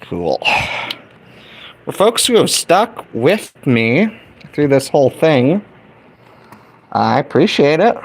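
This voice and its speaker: Gravelly, folksy middle-aged man streaming. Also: medium pitch, a little hiss or hum. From United States. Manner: folksy and chatty, talking to viewers. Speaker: livestream host. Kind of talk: casual livestream chat while building a kit.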